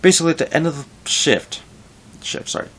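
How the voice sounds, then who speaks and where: A young vlogger talks casually, venting about his workplace in a rambling way with frequent restarts. His voice is on the high side, brisk and fairly bright, with a little hiss or hum in the recording.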